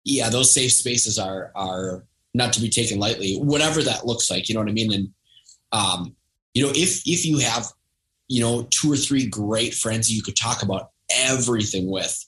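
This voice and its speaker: A man's voice: on the low side, moderate pace, a bit bright, poor audio. A man in his thirties, a podcast guest, telling a personal story in a reflective, casual way. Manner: reflective, storytelling, acts out quoted voices. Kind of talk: casual conversation.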